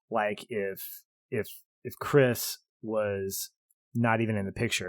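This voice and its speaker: A man's voice: fairly low pitch, no echo, studio quality. A man in his thirties co-hosting a film podcast, chatting casually and animatedly with frequent laughter. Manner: animated, laughs often, rambling. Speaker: podcast co-host. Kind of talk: casual film review chat.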